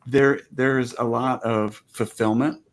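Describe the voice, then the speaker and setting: Brief: American homesteading dad, earnest and reflective, mid-pitched. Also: male voice, fairly even intonation, slow. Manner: earnest, reflective, faith-minded talk. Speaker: guest homesteader. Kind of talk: casual chat.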